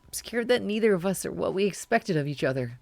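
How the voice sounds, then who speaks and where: A streamer voicing a tearful young adult confiding in their mother on the phone, in a soft, shaky, pleading voice. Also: mid-range voice, expressive, quick pace, gravelly, no room sound, voice pushed up. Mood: vulnerable.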